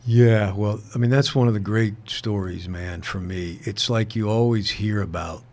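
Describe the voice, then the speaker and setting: A man, a guest actor, telling anecdotes in a casual interview, earnest and halting, restarting sentences and often saying "man". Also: fairly low pitch, darkish tone. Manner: peppers speech with "man".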